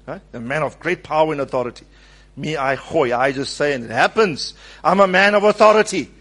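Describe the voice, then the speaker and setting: A man preaching a sermon, animated, calling on the congregation to repeat his words and acting out the quoted speech. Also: fairly high pitch, brisk.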